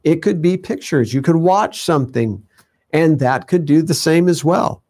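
Male preacher, slightly high pitch, loose conversational Bible teaching with lots of "you know.". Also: moderate pace, a little mellow. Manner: conversational, many fillers, acts out quoted voices. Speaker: teacher of a ministry show. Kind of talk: informal sermon teaching.

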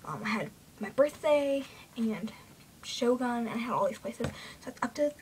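A woman's voice: on the high side, animated, moderate pace, slight background noise. A fourteen-year-old girl vlogging from her bedroom, breathless and giddy, often dropping into whispers. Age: teens. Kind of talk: excited fangirl vlog. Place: bedroom at home.

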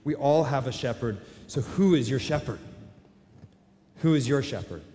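Fiery preacher with booming hall echo. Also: male voice, lively intonation, moderate pace, slight background noise. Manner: rising to shouted, repetitive declarations. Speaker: pastor. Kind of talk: sermon. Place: large church hall. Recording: long hall reverb.

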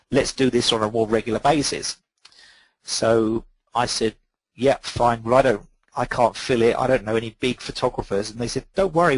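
A middle-aged photographer, appearing as a guest on a webinar call, rambles through relaxed anecdotes packed with ums and quoted dialogue. His mid-range voice is gravelly with a breathy edge, and the recording is dry and rough.

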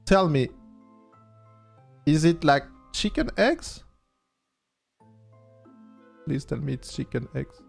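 A man with a French accent, chatting casually during a game in halting English and often repeating words. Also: fairly high pitch, sing-song, creaky, faint music behind. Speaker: game streamer. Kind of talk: casual gameplay chat.

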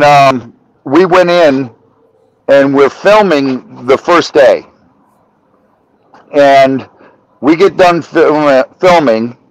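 A man on a podcast telling a story in casual, animated talk, swearing often and acting out the dialogue. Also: medium pitch, dry recording, rough recording. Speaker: podcast guest.

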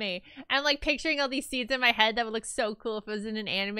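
Bright-voiced young woman streamer chatting. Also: on the high side, very animated, brisk, hardly any pauses, clear, resonant tone, no room sound, studio quality. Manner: chatty, rambling with many fillers. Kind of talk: casual chat with chat.

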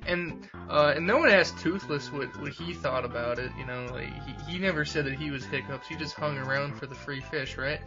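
A man's voice: fairly high pitch, fairly quick, highs cut off, over loud music. A young man giving a rambling, sarcastic comedic movie recap full of fillers. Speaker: video maker.

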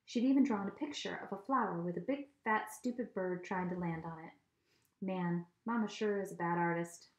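A woman reading a children's novel aloud at home, with steady, expressive storytelling. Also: on the low side, normal speed, muffled recording. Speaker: reader. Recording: echoey room.

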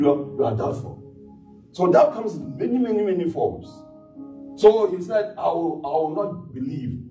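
Animated preacher in an echoey church. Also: male voice, medium pitch. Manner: animated preaching, retelling scripture in character voices, frequent hallelujahs. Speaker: pastor. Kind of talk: sermon. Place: church sanctuary. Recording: echoey church hall, miked from a distance.

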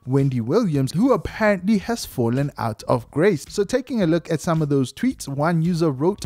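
A man's voice: on the high side, moderate pace, few pauses, no echo. A man hosting entertainment news with casual, chatty commentary, reading out posts and adding his own asides. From South Africa. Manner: chatty, animated, reads tweets aloud with asides.

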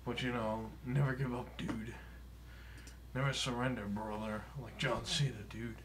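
A man's voice: medium pitch, fairly even intonation, moderate pace, background noise, natural voice. A man voicing a boastful, broke, aging male pro wrestler for comedic gameplay commentary, swearing often, chuckling and calling everyone brother or dude. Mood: cocky rambling. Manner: tacks brother or dude onto nearly every phrase.

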